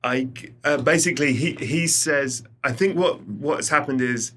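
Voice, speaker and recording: Bright-voiced man telling a lively anecdote. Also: medium pitch, measured pace, a little hiss or hum. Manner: animated, profane, laughs often. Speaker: podcast guest. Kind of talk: casual storytelling anecdote.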